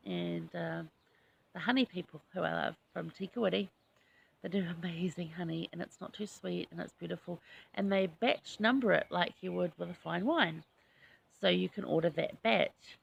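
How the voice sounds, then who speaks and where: A woman's voice: lowish voice, gravelly, breathy edge, lo-fi sound. A woman hosting a casual scripture study chat, talking in a chatty, enthusiastic way with personal asides. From New Zealand. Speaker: host.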